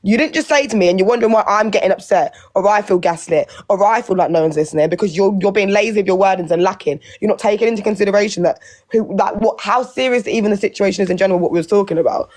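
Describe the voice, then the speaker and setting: A woman's voice: medium pitch, racing, darkish tone. A British woman in a heated live-stream argument, angry, swearing often and talking over the others.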